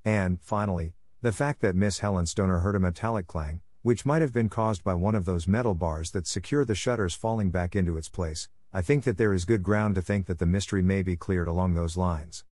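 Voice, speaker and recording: A man reading an audiobook voices a calm, sharp-witted detective who speaks in a measured, wry way. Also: low-pitched.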